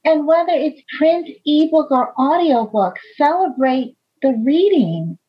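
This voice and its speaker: High-voiced, slow-spoken woman panelist. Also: animated, lo-fi sound. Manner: earnest, emphatic. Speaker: panel guest. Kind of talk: earnest panel remarks.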